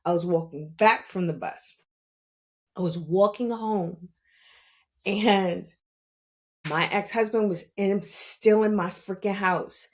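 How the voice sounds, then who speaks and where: A woman with a New York accent speaks in a casual, animated podcast monologue. Her voice sits at a middling pitch, and she laughs often. She talks bluntly, with a salty edge. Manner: animated storytelling with frequent laughs. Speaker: podcast host.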